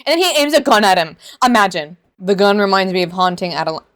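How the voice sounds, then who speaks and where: A woman in her bedroom reacts to videos out loud. Her talk is loose and sarcastic, with plenty of filler words. Her voice sits at an ordinary middle pitch. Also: expressive, fast talker. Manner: chatty, sarcastic, lots of "like". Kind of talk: casual reaction commentary. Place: hot bedroom at home.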